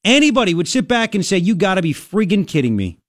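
A man's voice: high voice, big pitch swings, quick pace, no echo, studio quality. A male talk radio host giving an emphatic, ranting political commentary.

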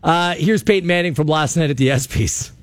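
A man hosting sports talk radio, chatty and animated, taking calls from listeners. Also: fairly high pitch, a little fast, slight background noise. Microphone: studio mic.

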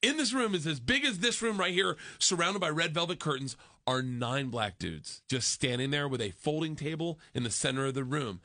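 A middle-aged man telling an excited, animated story as a talk show guest and acting out the other voices in it. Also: on the high side, moderate pace, hardly any pauses, no room sound. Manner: excited, laughing, acts out voices in dialogue.

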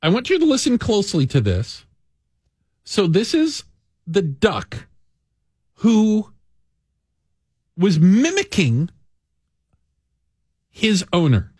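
A man hosting a morning radio show, joking and animated. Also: high-pitched, slow pace, pauses often, husky, no room sound, studio quality. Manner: animated, joking, lively delivery.

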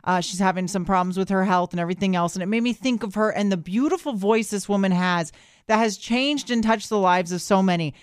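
A woman's voice: mid-range voice, brisk, smooth, dry recording. A woman co-hosting a morning radio show with playful, dramatic, teasing banter, speaking into a studio mic. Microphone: studio microphone.

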